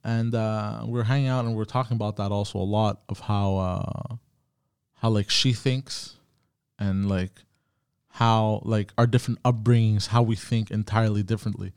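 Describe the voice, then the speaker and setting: A man's voice: fairly low pitch, normal speed, smooth, dry recording, studio quality. Profane man telling a story. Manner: profane, animated storyteller with many fillers. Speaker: podcast host. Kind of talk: casual storytelling monologue.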